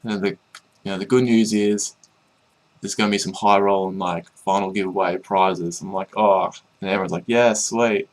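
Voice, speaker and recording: A man's voice: sits low, fairly even intonation, normal speed, poor audio. A young man casually telling a rambling, amused story about an online game, full of fillers and restarts.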